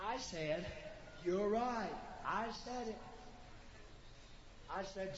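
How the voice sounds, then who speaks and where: A man preaches in a very high, ringing voice that climbs into full shouts. He drops to hushed asides while telling stories from the pulpit, then surges back up. The sound carries the echo of a big church and a slightly dull, muffled quality. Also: slow pace, pauses often, slight background noise. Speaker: Pentecostal preacher. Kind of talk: shouting revival sermon with storytelling. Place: large church sanctuary. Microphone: pulpit microphone. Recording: echoey, dull church recording.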